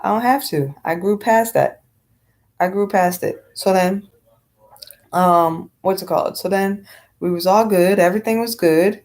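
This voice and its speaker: A woman's voice: mid-range voice, a little slow, darkish tone. A woman talking bluntly in a casual vlog rant, rambling with many fillers and swearing freely. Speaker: vlogger.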